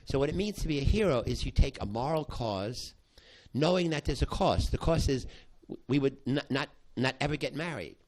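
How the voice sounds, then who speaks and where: An older man, a psychology professor, recounting a past study to an audience in halting speech full of restarts. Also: medium pitch, expressive, darkish tone. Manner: halting, with many restarts, acting out quoted voices. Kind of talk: spoken storytelling to an audience.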